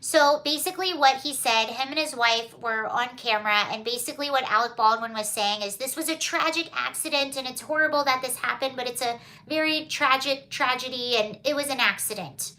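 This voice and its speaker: A woman with a high-pitched, bright, forceful voice talks briskly with hardly any pauses as she hosts a casual livestream. She chats, reads viewer comments aloud and answers them with giggles and apologies.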